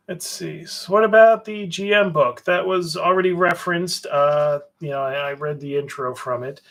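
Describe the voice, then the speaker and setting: Male livestream host, gravelly and slightly high, sardonic rambler with lots of fillers. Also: a bit bright. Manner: sardonic, swears, trails off with fillers. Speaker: publisher hosting a livestream. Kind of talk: rambling livestream chat answering viewers.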